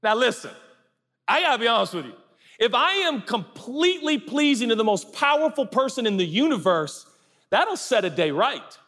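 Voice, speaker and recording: A man's voice: very high voice, sing-song, normal speed, fairly bright tone. A man pastor giving a sermon in a large theater, talking in a conversational, humorous and emphatic way. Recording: live hall reverb.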